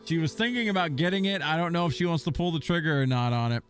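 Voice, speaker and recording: A man's voice: a little high, fast. A young man streaming a game, casually telling rambling, profane stories about his dog. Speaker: gaming streamer. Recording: faint music behind.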